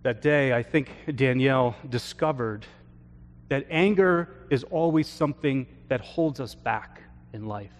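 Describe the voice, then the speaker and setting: A man, a pastor, telling a story from his counseling work in an earnest sermon, often trailing off softly at the ends of phrases. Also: mid-range voice. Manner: slow, earnest storytelling with soft trailing endings. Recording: long hall reverb.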